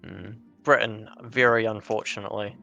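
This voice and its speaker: A man's voice: lowish voice, fairly even intonation, moderate pace, vocal fry, sharp tone, muffled recording, soft background music. A man with a New Zealand accent, a tabletop player who talks tersely and swears casually.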